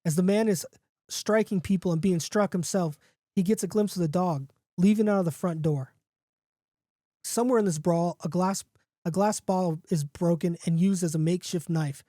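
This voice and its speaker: Brief: podcast host, man, reads a comic horror story in a mellow, relaxed voice with a dry sound. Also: high voice, normal speed, dry recording. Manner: casual, jokey, with restarts and asides.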